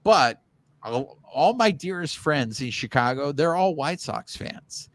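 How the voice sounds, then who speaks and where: A man's voice: fairly high pitch, animated, slow pace, a bit bright. A man co-hosting a baseball podcast, chatting casually and animatedly, often restarting his sentences. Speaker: podcast co-host. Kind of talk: casual sports chat.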